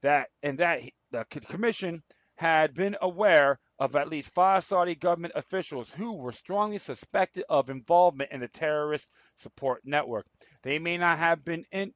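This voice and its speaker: A man's voice: on the high side, fairly bright tone, no echo, highs cut off. A man hosting his own political commentary show, reading articles aloud and rambling, stumbling and repeating himself. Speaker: show host.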